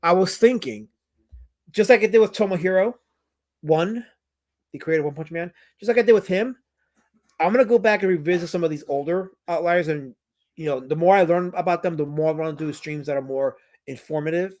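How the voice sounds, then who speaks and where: A man's voice: fairly high pitch, fairly quick, darkish tone. A man hosting a casual livestream, reading out chat comments and rambling with many restarts and fillers.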